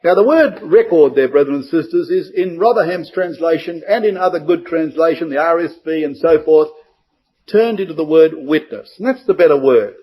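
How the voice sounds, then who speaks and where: A man's voice: a little high, animated, moderate pace, dull audio. A man giving a verse-by-verse Bible study to a congregation, emphatic and full of rhetorical questions.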